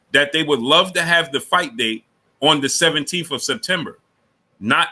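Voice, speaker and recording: A man's voice: medium pitch, sharp tone. A man hosting a live boxing stream, lecturing a viewer, repeating himself and greeting chatters by name. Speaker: boxing channel host.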